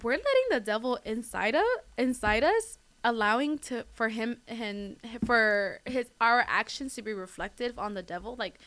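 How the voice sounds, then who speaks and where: A young woman hosts a casual devotional talk in a slightly high, a bit bright, animated voice at normal speed, barely pausing. She's chatty, packs in fillers and "like," calls her listeners "guys," and laughs at herself.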